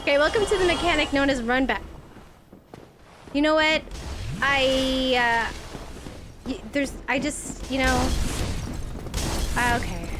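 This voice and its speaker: A woman streaming a video game, reacting excitably with gasps, shouts of frustration and sarcastic asides. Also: high-pitched, a little slow, pauses often, background noise. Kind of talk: gameplay commentary. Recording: loud background music.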